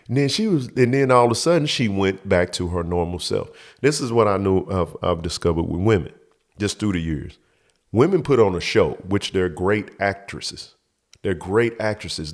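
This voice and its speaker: A man holding forth with a personal story, swearing freely and hammering each point home. His pitch swings widely as he acts out what happened. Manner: profane, emphatic, acts out the scene. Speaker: show host. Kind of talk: storytelling monologue.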